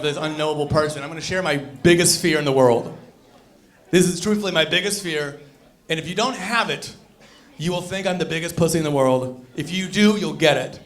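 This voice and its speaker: A young man performing a stand-up comedy set on a club stage, animated, jumping between loud bursts and low mutters.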